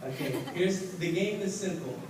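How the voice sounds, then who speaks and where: High-voiced man leading a youth game. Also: normal speed, noisy background. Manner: energetic, joking, laughs often. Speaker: youth leader running a game. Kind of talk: live church youth talk. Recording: echoey hall, distant mic, loud crowd.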